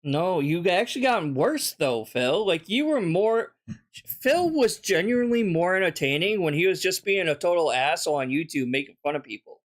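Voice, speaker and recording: A man's voice: sits high, lively intonation, normal speed. A man streaming a reaction to a video, talking casually, bluntly and mockingly, swearing often.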